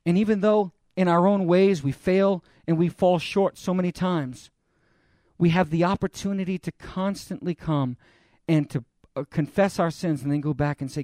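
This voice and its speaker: A man preaches a sermon in an earnest, conversational way and talks straight to his congregation. His voice sits a little high for a man. The recording is dry and close, with no echo. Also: steady tone, moderate pace, mellow. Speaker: pastor.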